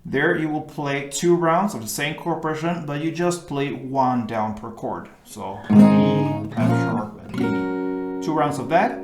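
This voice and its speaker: Man, guitar teacher, slow unhurried delivery, patient step-by-step explaining, roomy echo. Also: medium pitch, gravelly. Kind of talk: acoustic guitar tutorial.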